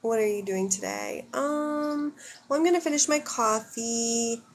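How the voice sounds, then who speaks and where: A woman's voice: on the high side, measured pace, vocal fry, slight background noise. An American woman in her thirties hosting a casual livestream, reading comments aloud and answering bluntly, with frequent swearing. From United States. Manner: blunt, opinionated, swears freely. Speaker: livestream host.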